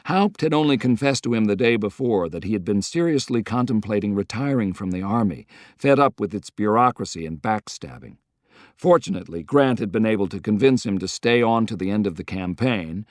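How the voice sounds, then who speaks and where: A man reading a historical novel aloud as an audiobook narrator, in an even, measured way on a close studio mic. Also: on the low side, no echo. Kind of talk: scripted narration.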